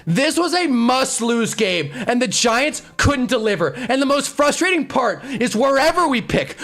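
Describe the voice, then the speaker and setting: A man hosting a live stream, ranting about his football team with profanity and rapid rhetorical questions. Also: very high voice. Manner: flat, deflated muttering. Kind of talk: heated live-stream sports rant.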